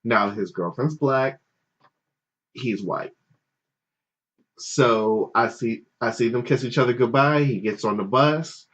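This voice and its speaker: A man's voice: fairly low pitch, a little slow, long pauses. A married man hosting a podcast, telling a story in casual chat with lots of cursing and laughter. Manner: animated, profane, laughing storyteller. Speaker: podcast host. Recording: dull lo-fi sound.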